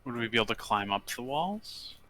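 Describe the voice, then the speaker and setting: A man playing a tabletop game, describing his character's actions in a brisk, matter-of-fact way. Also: mid-range voice, sing-song, sharp tone, faint music behind. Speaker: player. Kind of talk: casual tabletop play.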